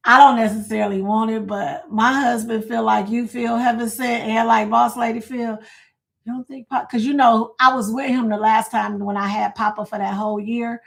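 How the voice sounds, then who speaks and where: A woman's voice: on the high side, fairly even intonation, moderate pace, gravelly. A middle-aged woman hosting a casual livestream, chatting, reading viewer comments aloud and laughing often. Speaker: livestream host.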